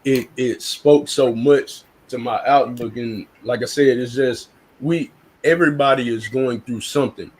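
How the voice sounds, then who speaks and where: A man's voice: medium pitch, unhurried, breathy edge, poor audio. A man speaking bluntly and earnestly in casual live-stream chat, often restarting and repeating words.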